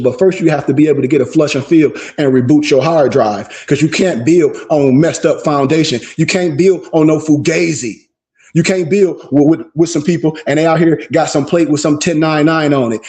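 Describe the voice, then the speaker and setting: Male teacher, fairly high, mellow voice, emphatic repetitive preaching style for an esoteric class lecture. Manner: slows down to spell out lists.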